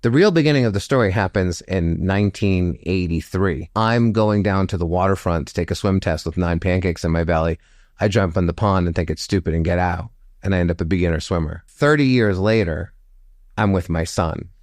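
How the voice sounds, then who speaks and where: A man in his fifties with a low voice tells a personal story as an interview guest, speaking briskly with animated flair. He jumps up in pitch to act out the people he quotes, then settles back into reflective commentary. The sound is close and dry, with no room sound.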